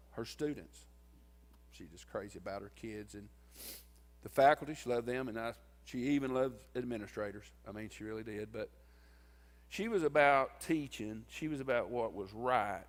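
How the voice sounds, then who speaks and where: A man giving a eulogy at his wife's funeral, telling folksy stories and acting out what people said. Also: medium pitch. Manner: folksy, tells stories and acts out quoted lines. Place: church sanctuary. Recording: long church reverb.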